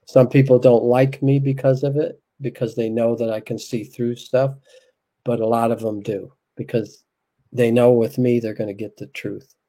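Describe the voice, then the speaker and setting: A man as an interview guest, telling a heartfelt personal story in a soft, reflective, unhurried way. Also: medium pitch, level tone, poor audio.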